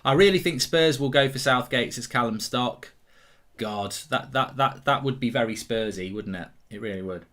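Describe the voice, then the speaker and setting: A man's voice: medium pitch, moderate pace. An English man hosting a casual live football watchalong, chatting with viewers and breaking into jokey mock news bulletins. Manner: jokey, excitable, mock-newsreader bursts. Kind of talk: casual live-stream chat.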